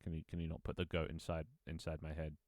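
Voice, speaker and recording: A man's voice: rumbling low, completely flat delivery, fast, a little mellow, dry recording, clean studio sound. A man casually chatting and joking while playing an online game, laughing often. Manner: playful, joking, chuckles often. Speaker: gaming streamer. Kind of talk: casual gameplay chat.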